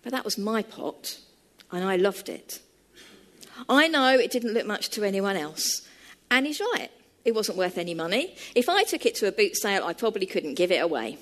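A woman's voice: very animated, moderate pace, a bit bright. A woman voicing an upset young woman, heartbroken and tearful over a broken keepsake, in a sermon story. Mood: wistful. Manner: high, tearful and pleading.

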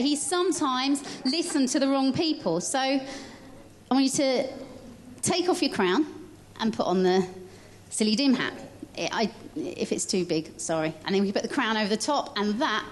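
A woman telling a Bible story during a church service, lively as she directs child volunteers. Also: high-pitched, a little hiss or hum.

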